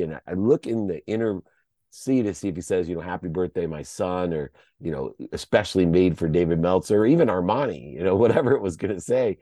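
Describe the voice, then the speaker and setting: Speaking as a podcast guest, this middle-aged man from the United States shares something personal in a deep, dark-toned voice at a brisk pace. The recording is dry and studio-clean, and he often chokes up and restlessly starts his sentences over.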